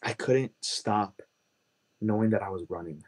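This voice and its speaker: Guest testimony: earnest man with a lowish voice, emotional, repeats himself for emphasis. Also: unhurried, husky. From Chicago, USA.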